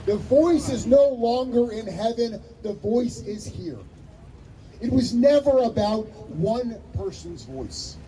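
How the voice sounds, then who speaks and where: High-voiced man giving a rally speech. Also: slow, recorded from a distance, rough recording. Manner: animated, acts out story voices. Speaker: rabbi speaking at a rally. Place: outdoors at a public rally. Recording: outdoor rally with loud ambient noise.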